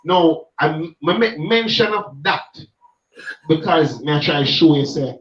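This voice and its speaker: Jamaican guy preaching hard in patois, kinda high voice, sounds far off in a roomy echoey space, muffled. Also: expressive, unhurried, fairly bright tone. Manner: emphatic, preachy, speaks in patois. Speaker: street gospel minister. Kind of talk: passionate reasoning conversation.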